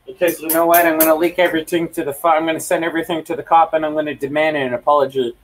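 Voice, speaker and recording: A man's voice: on the high side, flat delivery, racing, distant mic, poor audio. A young man ranting heatedly at home, swearing a lot and repeating himself as he livestreams. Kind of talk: angry profane rant.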